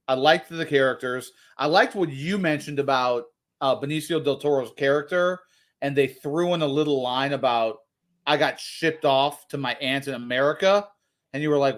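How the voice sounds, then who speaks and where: A man's voice: mid-range voice, normal speed. A man co-hosting a casual movie podcast, talking in a rambling, jokey way. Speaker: podcast co-host.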